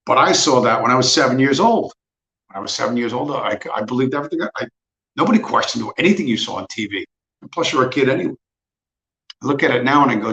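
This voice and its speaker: A blunt, swearing man in his fifties rants and scoffs through a casual livestream monologue. His voice sits at an ordinary middle pitch. The sound is roomy and dull, like a lo-fi home setup. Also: brisk, a bit bright. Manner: blunt, profane and mocking. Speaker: livestream host.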